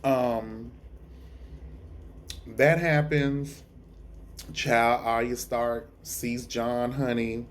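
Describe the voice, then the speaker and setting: Rich: A tired man dishing on a TV episode with sassy, profane, gossipy flair. His voice sits at a middling pitch, with faint noise in the background. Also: flat delivery, extremely slow, pauses often. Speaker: TV reviewer. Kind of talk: casual review vlog. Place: dark room at home.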